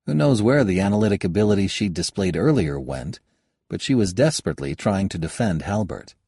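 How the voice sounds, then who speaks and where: Low-voiced, slightly husky male narrator. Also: lively intonation, brisk, darkish tone, no echo, clean studio sound. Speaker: audiobook narrator. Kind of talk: scripted narration.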